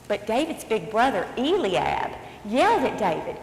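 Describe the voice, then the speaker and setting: A woman pastor telling a Bible story with animated, dramatic storytelling. Her voice sits a bit high and echoes with a long reverb through a church sanctuary, with faint background noise. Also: normal speed. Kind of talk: storytelling sermon.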